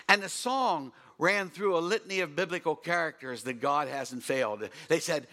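An older man preaching a sermon, telling a story and singing bits of a gospel song, rising to loud bursts. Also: medium pitch, expressive, normal speed. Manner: storytelling, sings snatches of hymns, builds to loud bursts. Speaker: pastor.

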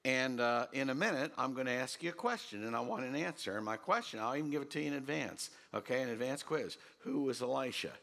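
Lively-voiced male pastor preaching. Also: mid-range voice, fast talker, vocal fry, hardly any pauses. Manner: quizzes listeners, lively storytelling. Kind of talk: sermon with Bible reading.

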